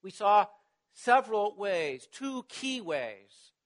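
A man preaching a sermon to his congregation and reading scripture aloud, measured and emphatic, his voice dropping away at the end of phrases. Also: sits high, sing-song. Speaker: pastor.

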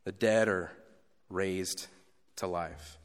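A pastor giving a sermon in a conversational style, moving between loud emphasis and quiet asides. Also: male voice, sits low, fairly even intonation, very slow, clear, resonant tone, in a large hall.

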